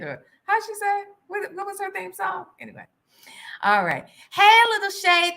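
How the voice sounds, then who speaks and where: Her high-sitting voice sounds pushed and bright. This woman runs a laid-back livestream, greeting viewers by name as she chats, tacking "all right?" onto many lines and slipping into a whisper for gossip asides.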